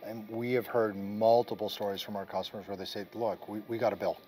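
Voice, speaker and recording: A man with a Boston accent, answering interview questions quickly and emphatically, at a conference. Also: on the low side, level tone, dark tone. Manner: fast, emphatic, rhetorical questions. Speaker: interviewed executive. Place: busy conference venue. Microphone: camera mic at a trade show.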